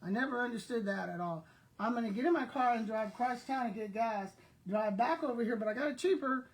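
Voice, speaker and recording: Talking fairly quickly in a slightly high voice, an older woman, a retired South Texas school principal, addresses her viewers directly in a casual chat about everyday life.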